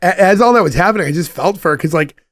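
A man's voice: sits high, expressive, fast talker, a bit bright, no room sound, clean studio sound. A man co-hosting a podcast, recapping sitcom scenes in casual chat and acting out the characters' lines as he goes.

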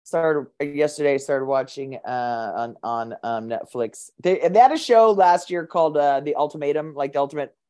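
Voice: mid-range voice, moderate pace, few pauses, a little mellow. A co-host of a podcast in casual chat, telling rambling stories full of restarts and profane asides. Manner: rambling storytelling with restarts and acted quotes.

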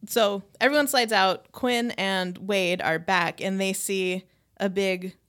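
A woman co-hosting a podcast, chatting casually about a TV episode, relaxed and swearing freely. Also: medium pitch, slow. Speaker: podcast co-host. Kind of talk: casual chat recapping a TV episode.

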